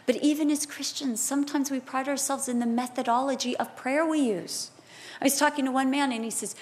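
A woman preaching a sermon, telling stories with animated, loud cries. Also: sits high, brisk.

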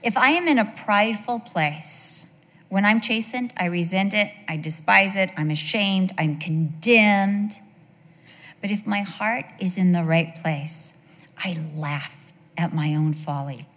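A woman's voice: medium pitch, measured pace, fairly bright tone. A middle-aged woman giving a sermon full of personal stories, chatting and asking the audience questions. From United States. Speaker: women's devotional speaker. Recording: long reverb of a large hall.

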